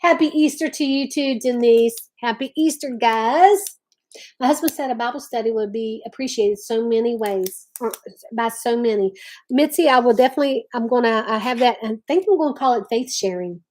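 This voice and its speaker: Chatting casually on her livestream, a middle-aged woman greets viewers by name and often starts her sentences over. She has a fairly high pitch with a darkish tone and talks at a moderate pace.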